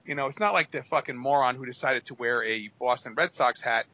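A man's voice: mid-range voice, a little fast, pushed and bright, highs cut off. A man co-hosting a casual wrestling podcast, telling rambling, profane stories and acting out the quotes. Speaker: podcast co-host.

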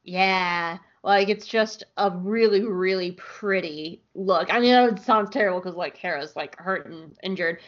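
A woman's voice: on the low side, measured pace, few pauses, lo-fi sound. Chatty woman recapping an episode. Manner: enthusiastic, lots of "like" fillers. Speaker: podcast co-host. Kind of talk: casual chat recapping an episode.

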